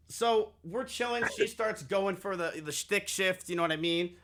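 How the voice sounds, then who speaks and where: Bright-voiced male streamer telling a story. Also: high voice, normal speed, few pauses. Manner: animated, swearing, acting out the dialogue. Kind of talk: casual storytelling to a live chat.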